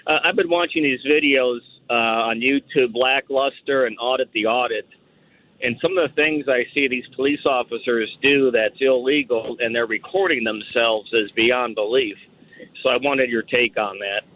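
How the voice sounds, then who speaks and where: A man's voice: mid-range voice, normal speed. Man calling in over a tinny phone line. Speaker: caller. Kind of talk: caller asking a question on radio.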